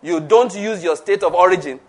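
A man's voice: high-pitched, normal speed. A man preaching a conversational sermon, laughing often, repeating himself and asking the audience questions.

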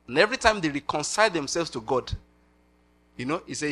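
A middle-aged Nigerian man preaching a sermon with animated delivery, slipping into pidgin asides and laughing. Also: a little high, fast.

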